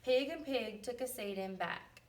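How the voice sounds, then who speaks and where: An unhurried woman reads a farm picture book to young listeners and stops now and then to ask them questions. She jumps into bright, playful voices for the animals. She sits a little back from the microphone. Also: on the high side, animated, recorded from a distance. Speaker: teacher reading aloud. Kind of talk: read-aloud storybook with questions.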